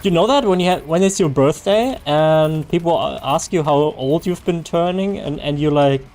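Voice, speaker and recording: A German-accented man hosts a casual game stream, chatting straight to his viewers. His voice sits slightly high, and he often stops and restarts his sentences as he answers them. Faint music plays behind him. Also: moderate pace, a little mellow. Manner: chatty, answers chat aloud, self-correcting restarts. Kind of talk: casual live-stream chat.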